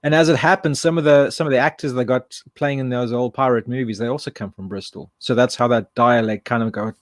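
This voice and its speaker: A man's voice: medium pitch, steady tone, brisk, dry recording. Chatty Englishman, rambling and dry. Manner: rambling, chatty, many restarts. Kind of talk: casual chat.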